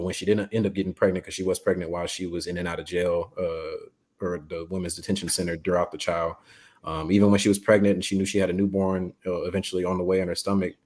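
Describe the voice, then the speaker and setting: Guy with a real low voice, laid back, lots of like and you know while he tells it. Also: darkish tone. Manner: loose, filler-heavy storytelling. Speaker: guest writer. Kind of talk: casual podcast chat.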